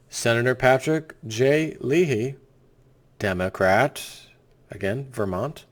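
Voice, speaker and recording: A man in the middle of a political rant, scornful and blunt, tossing out insults as he reads through a story. His voice sits at an everyday middle pitch. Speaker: video host. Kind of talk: ranting political commentary.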